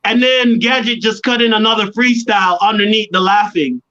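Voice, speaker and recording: High bright-voiced man telling stories. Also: fairly quick. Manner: animated storyteller, acts out quoted voices. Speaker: guest artist. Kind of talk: casual storytelling interview. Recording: dull lo-fi sound.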